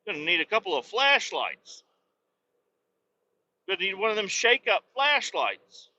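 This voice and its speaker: Hosting a podcast from his truck cab while driving, a man rambles, jokes and swears a lot in a casual monologue. His voice is fairly high, bright and forceful, with lively intonation and a moderate pace, and the highs are cut off.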